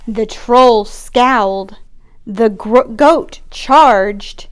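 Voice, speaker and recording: A middle-aged children's librarian reads a picture book aloud at an unhurried pace. Her voice sits fairly high, and she gently points out what is happening in the pictures for young listeners.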